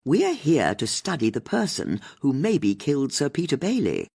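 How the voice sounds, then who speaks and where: The audiobook narrator voicing a brisk, sensible older woman who cheerfully coaxes her friends along. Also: medium pitch, wildly swooping pitch, creaky, darkish tone, slightly rough, heavily acted. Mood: coaxing. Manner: cheerful, coaxing. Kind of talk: audiobook character voice.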